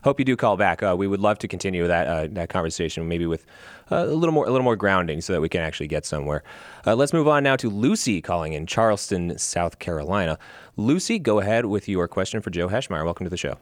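Fast, deep-voiced male radio host. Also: sing-song, dry recording. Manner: quick, with frequent uh fillers. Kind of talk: call-in radio hosting.

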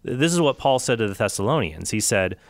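A man in a theological debate, reasoning step by step in a measured way. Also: on the low side, sing-song, dry recording.

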